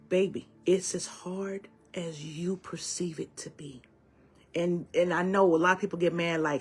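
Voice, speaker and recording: A woman's voice: fairly low pitch, normal speed, a bit bright, slightly rough. A woman acting as a spiritual guide, delivering a channeled oracle-card message in an emphatic, preachy way and calling her listeners baby and my loves.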